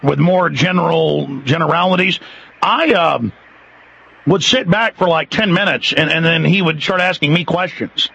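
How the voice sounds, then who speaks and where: Husky, aggressive talk radio host. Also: male voice, fairly high pitch, dull audio. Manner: aggressive, loud, fast-talking rants.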